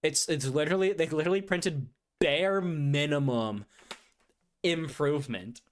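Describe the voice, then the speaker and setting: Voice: mid-range voice, unhurried. A card game content creator ranting casually to viewers, exasperated and sarcastic. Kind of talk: casual ranting playtest chat.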